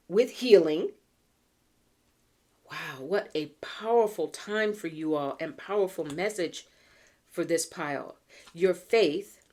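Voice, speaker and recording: A low-pitched American woman talks through a pick-a-card tarot reading. She is chatty and earnest and slows down whenever she reads a card aloud. She clears a tickly throat from time to time. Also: a little mellow. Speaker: tarot reader.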